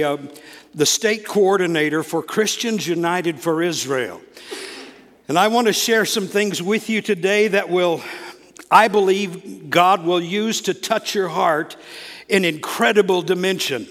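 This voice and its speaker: A man's voice: high voice, in a large hall. A man from the American South with a faint Southern accent, preaching as a guest speaker in a church, exclamatory and full of restarts. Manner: warm, exclamatory, frequent restarts. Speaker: guest preacher, state coordinator. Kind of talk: church sermon. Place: church sanctuary.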